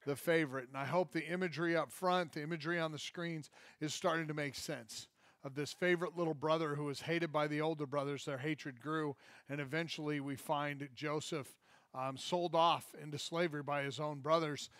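High-voiced pastor telling a story. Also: male voice, a little fast, no echo, studio quality. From Michigan. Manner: animated, humorous storytelling with acted quotes. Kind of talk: sermon with storytelling. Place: church.

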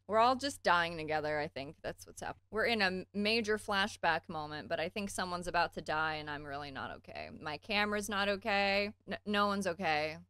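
A woman's voice: clear, resonant tone, no room sound. A woman streaming at home as an anime reaction streamer, talking casually and exclaiming and laughing a lot, with faint show audio behind her. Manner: highly expressive, exclaiming and laughing. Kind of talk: casual live reaction commentary.

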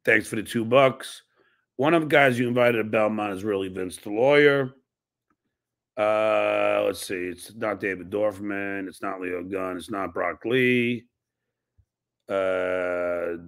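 A low-pitched man with a fairly bright tone hosts a podcast that feels like a casual live stream. He reads out messages from donating viewers and snaps back at them with blunt, profane retorts.

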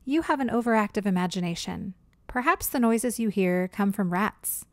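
A woman's voice: medium pitch, expressive, moderate pace, no room sound, close to an everyday voice. Distracted father, brushes things off, read by a woman; dry. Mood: dismissive.

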